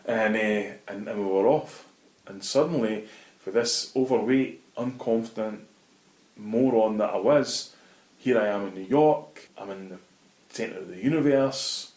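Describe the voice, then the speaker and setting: A middle-aged Scottish man, a guest in an interview, telling animated anecdotes in casual talk and swearing freely. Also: on the low side, a little slow. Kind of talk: casual storytelling. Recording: roomy echo.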